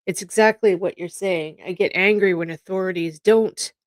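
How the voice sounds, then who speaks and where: A middle-aged woman chats with blunt exasperation, her voice sitting a little low. She swears freely as she vents. The sound is dry and close. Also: normal speed, no room sound. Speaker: psychic channel host. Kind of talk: casual chat.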